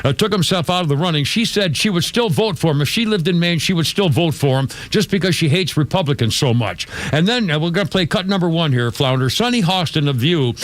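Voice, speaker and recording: A man hosts a talk radio show from a dry studio mic, his pitch a touch high and swinging widely as he talks. He runs the show with blunt, wry commentary and lots of fillers. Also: expressive, a little fast, hardly any pauses, no echo. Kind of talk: casual talk radio banter.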